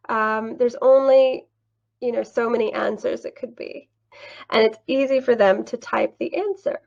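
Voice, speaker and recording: Slow, gravelly-voiced woman teaching online. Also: on the high side, muffled recording. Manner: slow, patient, with light laughs. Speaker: English teacher trainer. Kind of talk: screen-share tutorial, mock class.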